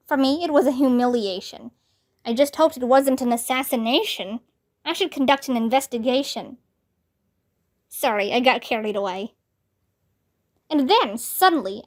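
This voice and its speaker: High-voiced woman reading a storybook. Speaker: storybook reader. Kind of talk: children's book read-aloud.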